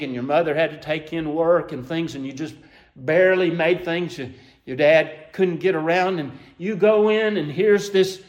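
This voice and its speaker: Male preacher, fairly high voice, emotive storytelling sermon delivery. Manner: emotive storytelling, rising to high excited peaks then dropping soft; asks listeners to imagine scenes.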